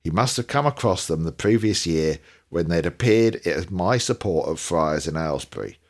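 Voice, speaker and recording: A man's voice: deep voice, animated, normal speed, pitched below the performer's own voice. A man reading a memoir aloud while imitating a sardonic older male punk poet with a Manchester accent, in a dry, sneering way. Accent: put-on Manchester.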